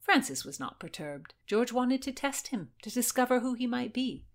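A woman narrating a historical novel in an expressive, lively storytelling manner. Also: fairly high pitch, normal speed. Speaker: audiobook narrator. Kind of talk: scripted narration.

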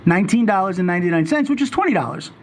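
High-voiced man chatting fast. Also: sing-song. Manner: rambling, interrupts often, joking. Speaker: podcast co-host. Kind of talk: casual chat.

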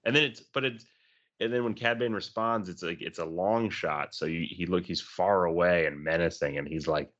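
Deep-voiced man, eager casual chat on a podcast, dull recording. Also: moderate pace, fairly bright tone. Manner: enthusiastic, laughs often. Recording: muffled sound.

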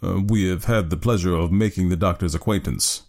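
A man reading an audiobook, voicing a cool, calculating detective in a measured, clipped way. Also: deep voice, gravelly, a little mellow. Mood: calm.

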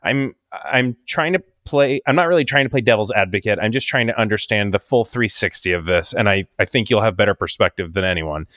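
Halting man, lowish voice. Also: a bit bright, no room sound, clean studio sound. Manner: halting, searching, many restarts. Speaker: podcast host. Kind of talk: interview conversation.

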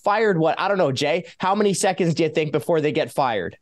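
A man's voice: a little high, lively intonation, brisk. A man hosting a conversational podcast in a casual way, laughing often and jumping in with questions. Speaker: host.

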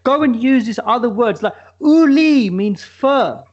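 A man's voice: very high-pitched, lively intonation, a little slow, lo-fi sound. A man co-hosting a podcast, telling a comic story in a rambling way with many restarts. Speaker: podcast co-host. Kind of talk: comedic casual chat.

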